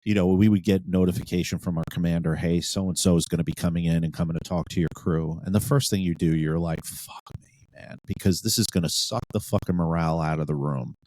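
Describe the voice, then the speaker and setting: A man's voice: low voice, fairly even intonation, fast talker, few pauses, a little mellow, no room sound. A man who was a police sergeant, co-hosting a podcast and telling blunt, profane stories about police work. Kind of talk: casual podcast chat.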